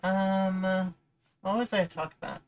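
A woman's voice: medium pitch, steady tone, moderate pace, a little mellow, clear, resonant tone, dull audio. A woman streamer giving casual, rambling gameplay commentary, playful and often cutting herself off mid-thought. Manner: rambling, playful, self-interrupting. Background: faint game music.

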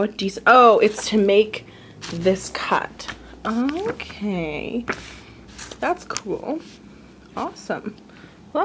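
A woman's voice: a little high, noisy background. A young woman vlogging casually, muttering to herself as she unboxes things and cooing at her cats. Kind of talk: casual vlog chat.

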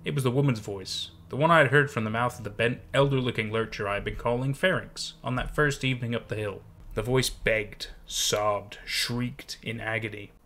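A man narrating a scary story in a measured, hushed way. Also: mid-range voice. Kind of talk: scripted horror story narration.

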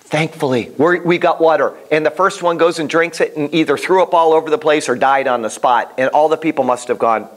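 A man teaching a Bible class in a casual, animated way, telling stories and often restarting his sentences. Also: fairly high pitch, brisk, few pauses. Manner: animated, storytelling, repeats himself, many restarts.

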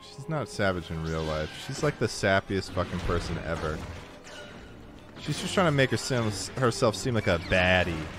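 A man playing a video game on stream, swearing, grumbling and now and then yelling at the game. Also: deep voice, very animated, moderate pace, music in the background. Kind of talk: casual gameplay commentary.

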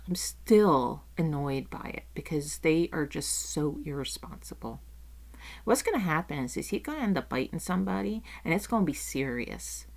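A middle-aged woman vlogger with a low, gravelly voice talks at a normal speed. She rants casually through a story, animated and freely profane, acting out the lines people said.

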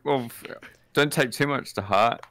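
A man trading deadpan, teasing jabs in comedy sketch banter. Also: medium pitch, measured pace.

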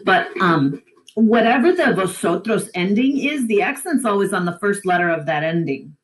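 A woman teaching a recorded Spanish lesson from home, slowly and deliberately drilling conjugations one by one. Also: medium pitch, expressive. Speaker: high school Spanish teacher. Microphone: computer mic while screen recording.

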